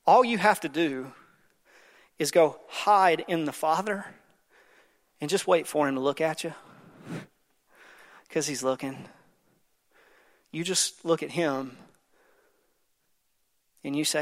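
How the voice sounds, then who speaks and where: A man's voice: fairly high pitch, slow pace, pauses often. A man in his thirties preaching a conversational sermon as pastor, with frequent ums and uhs. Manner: conversational preaching with many fillers. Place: church sanctuary. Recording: long hall reverb.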